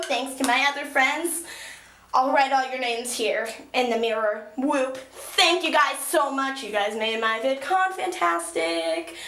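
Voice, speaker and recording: A teenage girl vlogging in an excitable, gushing way, swearing casually while she tells a story and does her makeup. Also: high-pitched, slight background noise. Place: small echoey room at a mirror. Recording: echoey room.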